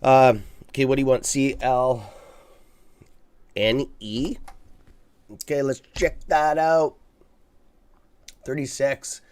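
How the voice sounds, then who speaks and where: A man's voice: medium pitch, steady tone, takes it slowly, long pauses, darkish tone, clear, resonant tone. A man hosting a live stock market stream, talking casually and bluntly to his viewers, swearing freely and checking in with "okay?" as he rambles through restarts. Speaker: livestream stock trading host.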